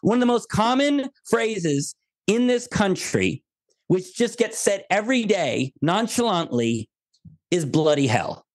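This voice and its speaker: An American man speaking as a guest on a remote interview, animated and jokey, full of quoted asides. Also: high voice, no room sound. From United States. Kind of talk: podcast interview.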